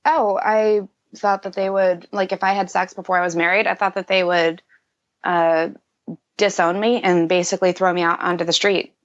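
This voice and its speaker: A woman's voice: lowish voice, level tone, moderate pace. A woman in her thirties, a podcast guest, speaking candidly and reflectively in casual conversation, with many fillers. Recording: dull lo-fi audio.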